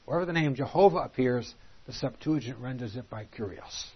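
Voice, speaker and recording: A man's voice: medium pitch, expressive, a little fast, breathy edge. A man teaching a Bible study class, reading scripture aloud in old-fashioned wording and explaining it, growing emphatic on the quoted verses. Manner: reads scripture aloud in King James wording, then explains; emphatic, rising on quoted lines. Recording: dull, lo-fi classroom recording.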